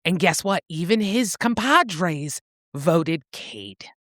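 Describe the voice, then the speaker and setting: Animated woman recapping a book. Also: fairly low pitch, slow, dry recording, studio quality. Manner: animated, swears freely, acts out characters' lines. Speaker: book podcast co-host. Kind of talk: casual chat recapping a novel.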